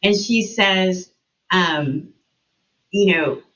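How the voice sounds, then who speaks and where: A middle-aged woman, a guest in an interview, telling a personal story and acting out remembered dialogue with animated shifts in her voice. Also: fairly low pitch, extremely slow, dull audio.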